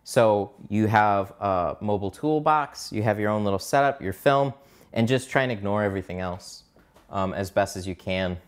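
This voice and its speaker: Here a man with a fairly low, smooth voice talks at normal speed. He's a mobile window tint installer chatting casually on a live stream, swearing a little and getting distracted as he works and searches for his tools.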